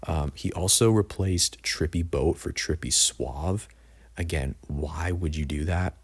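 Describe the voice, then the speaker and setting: Young man with a low husky voice. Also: a little slow. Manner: opinionated, blunt, says "like" often. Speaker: music reviewer. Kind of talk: casual album ranking review.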